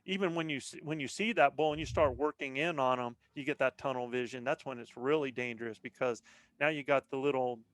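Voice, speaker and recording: A man's voice: medium pitch, a little fast, fairly bright tone, no echo. A middle-aged man, a guest on a podcast, talking casually and plainly about hunting, often tossing in "man" and repeating words as he restarts. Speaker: guest, elk hunter.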